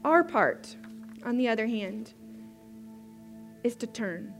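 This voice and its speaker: Slow-speaking woman preacher, faint music. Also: fairly high pitch, animated, vocal fry. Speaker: pastor. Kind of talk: sermon.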